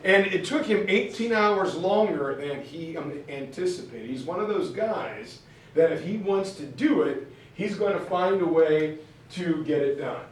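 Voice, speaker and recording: A man teaching a history class, telling the story in a casual, chatty, animated way. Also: sits high, a little slow, a little hiss or hum. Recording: very echoey room, far from mic.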